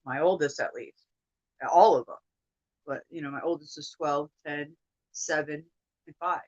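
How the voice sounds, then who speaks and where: A woman in her thirties venting to her viewers in an upset, profane monologue that swings from loud outbursts to hushed mutters. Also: low voice, unhurried, lo-fi sound. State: upset, emotional. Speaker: vlogger.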